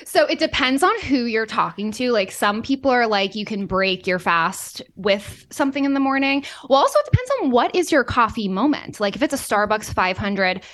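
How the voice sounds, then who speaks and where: A woman's voice: on the high side, animated, moderate pace, hardly any pauses, a bit bright. Upbeat young woman dietitian, full of "like". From Boston. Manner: upbeat, advice-giving, fillers of "like". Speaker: dietitian guest. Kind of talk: casual chat.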